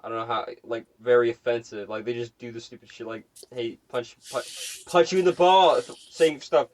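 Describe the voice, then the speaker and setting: Young man, mid-pitched voice, halting casual talk, repeats words, crude humor. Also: level tone. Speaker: podcast co-host. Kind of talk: casual chat.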